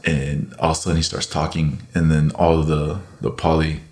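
Very deep-voiced man chatting. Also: little pitch movement, a little fast, a little mellow. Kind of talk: casual chat.

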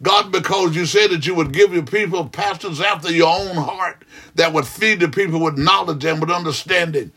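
A man's voice: a little high, normal speed, pushed and bright, breathy edge. Fervent praying pastor, man. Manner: fervent praying, frequent "God, hallelujah" interjections; repetitive, rhythmic preaching cadence. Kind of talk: extemporaneous prayer.

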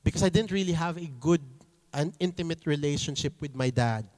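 A man preaching a sermon, slow and emphatic, slipping Tagalog phrases into his English. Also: darkish tone. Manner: voices pleading children in a high voice.

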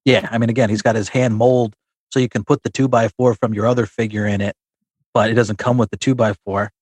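A man's voice: fairly low pitch, steady tone, fairly quick, darkish tone, no room sound. Rambling man telling a story. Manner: rambling storyteller with many restarts. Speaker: podcast co-host. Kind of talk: casual chat about wrestling figures.

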